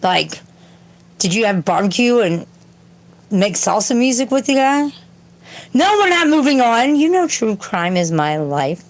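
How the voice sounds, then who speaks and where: A woman's voice: on the high side, very animated, a little slow, long pauses. A woman hosting a casual livestream from home, rambling and swearing as she answers chat. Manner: profane, rambling, talks to chat and yells at her cat. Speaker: livestream host reading chat. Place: home, indoors.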